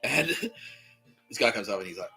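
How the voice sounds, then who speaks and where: Man, podcast host, comic monologue, swearing, rambling, low voice, bright forceful tone, lively pitch. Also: unhurried, soft background music, poor audio. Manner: profane, rambling, animated. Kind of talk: comedic storytelling monologue.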